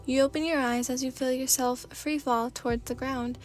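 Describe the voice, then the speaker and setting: A woman's voice: sits high, fairly even intonation, normal speed, few pauses, faint music behind. A woman narrating a second-person fanfiction story in an ASMR reading style.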